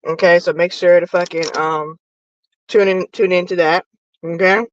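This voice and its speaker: A woman hosting a casual, profane sports chat from her parked car while eating lunch, animated and nosy. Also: on the low side, moderate pace, dry recording, muffled recording. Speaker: sports podcast host. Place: parked car in a parking lot.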